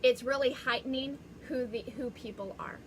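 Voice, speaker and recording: A woman's voice: sits high, moderate pace, slight background noise, rough recording. Chatty woman psychic medium. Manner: rambling, chatty, restarts often. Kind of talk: live-streamed spiritual reading.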